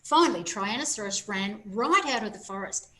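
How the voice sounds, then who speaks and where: A woman reading a picture book at children's story time as a library storyteller, animated and adding playful asides to her young listeners. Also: medium pitch, brisk.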